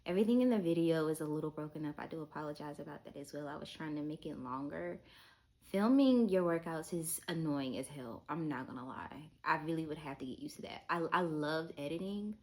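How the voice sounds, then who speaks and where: Low-voiced woman vlogger, frank and confiding. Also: expressive, fairly quick, darkish tone. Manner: open, confiding, frank with casual swearing. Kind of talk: candid talk to camera.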